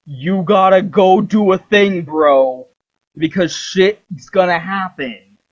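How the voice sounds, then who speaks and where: A crude goddess hologram that talks like a bro, tossing out slang in a voice pushed up higher, as a man puts her on. It comes through a dull, lo-fi mic. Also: slow pace. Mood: offhand.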